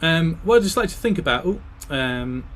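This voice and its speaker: A man's voice: on the high side, sing-song, normal speed, fairly bright tone. A man leading an online choir rehearsal. He talks through the music, often singing phrases to demonstrate. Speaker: choir director.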